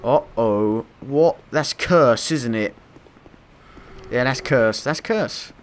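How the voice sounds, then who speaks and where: A man talks over his game footage at an average pitch, reacting loudly with swearing and panic. His commentary is casual and self-mocking. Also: slow pace, slight background noise. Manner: excitable, swears, panics and laughs at himself. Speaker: gameplay commentator. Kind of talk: let's play commentary.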